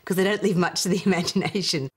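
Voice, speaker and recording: A woman's voice: lowish voice, fairly even intonation, fast talker, breathy edge. A woman with an Australian accent giving wry, joking interview comments.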